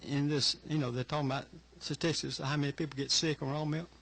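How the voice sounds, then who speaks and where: An older man gives testimony in a hearing room, his voice husky and pitched a little high. He speaks earnestly and haltingly, stopping to collect himself as he tells his story. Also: little pitch movement, a bit bright. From Georgia, USA. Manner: earnest, halting, emotional retelling. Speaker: witness testifying at a legislative hearing. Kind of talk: public testimony.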